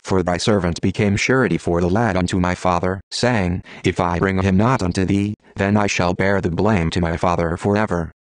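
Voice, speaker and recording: A computer-generated male voice reading scripture aloud in steady, measured phrases, pausing at every clause. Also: low-pitched, dry recording. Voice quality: text-to-speech voice. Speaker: scripture reader.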